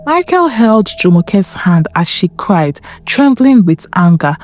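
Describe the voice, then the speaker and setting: A woman narrating a story in an emotive, expressive way. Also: lowish voice, slow, hardly any pauses, faint music behind.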